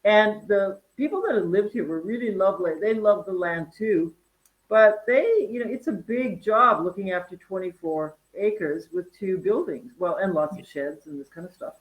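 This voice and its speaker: A woman in her fifties from North Dakota, a guest chatting casually about her wellness farm, animated and full of fillers and laughs. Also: mid-range voice, moderate pace, poor audio. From North Dakota, USA. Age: 50s. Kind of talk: casual interview chat.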